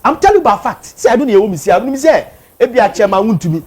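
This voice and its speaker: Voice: mid-range voice, racing, husky. A speaker with a Ghanaian accent, commenting animatedly in casual talk and mixing two languages. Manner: animated, switches between Twi and English.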